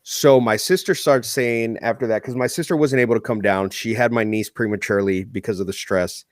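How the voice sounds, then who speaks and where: Speaking a little fast in a medium-pitched voice, this male co-host shares a heartfelt personal story on a podcast. The chat is casual and heavy on swearing, captured in clean studio sound without echo.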